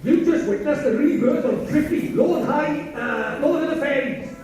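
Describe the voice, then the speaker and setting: A man's voice: very high voice, moderate pace, vocal fry, a little mellow, a little hiss or hum. An actor with a Welsh accent playing a blunt but kind male fairy lord in a game, scolding in brash banter. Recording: echoey game clip played from far off, music behind.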